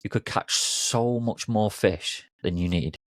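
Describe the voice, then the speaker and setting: A man's voice: measured pace, no echo, clean studio sound, lightly acted. A man doing an eager, pushy businessman. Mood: persuasive. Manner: eager and persuasive, rising in pitch. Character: pushy male city businessman, fast-paced.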